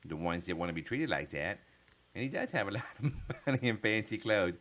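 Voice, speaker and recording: A man's voice: sits low, expressive, a little fast, fairly bright tone. A man live streaming, chatting casually with viewers in a joking, profane way.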